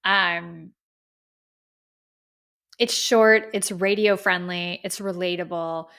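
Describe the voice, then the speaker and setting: A woman's voice: on the low side, steady tone, slow pace, vocal fry, sharp tone. A woman hosting a casual music review podcast, talking in an effusive, heartfelt way and often saying "like.". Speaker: podcast host.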